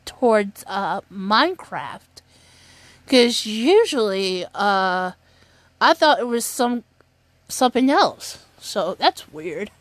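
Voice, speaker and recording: A young adult woman with a slightly high voice hosts her own podcast, chatting casually on her own and rambling with restarts and fillers. She has the hiccups, and the recording has no room sound.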